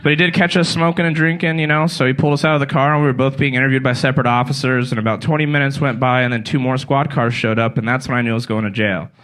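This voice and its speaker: Brazil-born male stand-up, live on stage; a bright, punchy voice that chats and chuckles through his stories. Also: mid-range voice, steady tone, very fast, few pauses. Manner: chatty storytelling, laughs at his own jokes. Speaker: stand-up comedian. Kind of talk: stand-up comedy set. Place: live comedy venue on stage.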